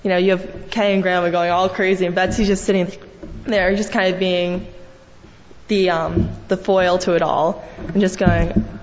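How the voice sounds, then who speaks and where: A woman's voice: lowish voice, little pitch movement, normal speed. A young woman speaking a fond, rambling eulogy in a large church, full of fillers as she tells family stories. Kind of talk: memorial eulogy. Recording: echoey hall, dull sound, faint hiss.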